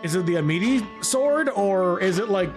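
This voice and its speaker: Animated, jokey male game streamer. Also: high voice, normal speed, music in the background. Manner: animated, rambling, jokey, laughs often. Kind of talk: live gaming commentary.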